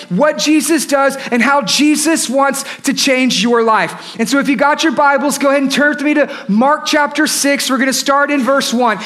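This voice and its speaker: Guy preaching in church, really high voice, gets loud and pumped, jokes around with the crowd. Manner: energetic, emphatic preaching with shouted peaks and playful asides. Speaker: pastor. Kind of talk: sermon. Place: church sanctuary.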